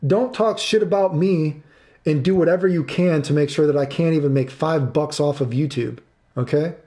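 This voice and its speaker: A man's voice: on the high side, moderate pace, mellow. A man in his thirties streaming live, ranting angrily and swearing, repeating himself and answering chat. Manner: angry, profane, repeats himself.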